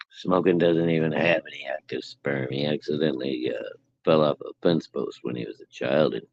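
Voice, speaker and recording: A man's voice: very deep voice, creaky, no room sound, lo-fi sound. A man co-hosting a casual livestream chat, joking and teasing. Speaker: co-host.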